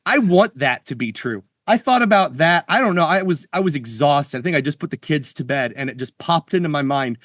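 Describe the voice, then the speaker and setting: A man talks in a relaxed, joking way as a podcast co-host, tripping over his words and restarting as he goes. His voice sits a little high and sounds dry and close to the mic. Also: a little fast, hardly any pauses, no room sound. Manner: playful, stammering restarts, jokey bets. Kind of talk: casual chat. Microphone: studio mic.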